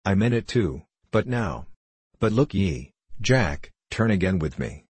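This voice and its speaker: A man's voice: sits low, big pitch swings, unhurried, darkish tone, husky, no echo, full character voice. A man reading the lines of an earnest, loyal young squire in a storybook. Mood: urgent. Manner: urgent and pleading.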